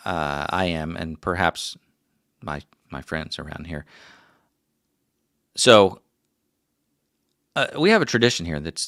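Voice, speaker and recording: A man's voice: sits low, a bit bright, clean tone, dry recording, studio quality. A middle-aged man hosting a casual livestream, rambling through stories with self-mocking jokes. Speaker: livestream host.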